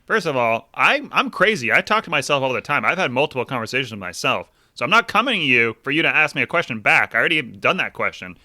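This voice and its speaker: A man's voice: mid-range voice, fast talker, hardly any pauses, dry recording, clean studio sound. A man co-hosting a casual book-club podcast, ranting with lots of swearing. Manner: animated, profane ranting. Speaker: podcast co-host.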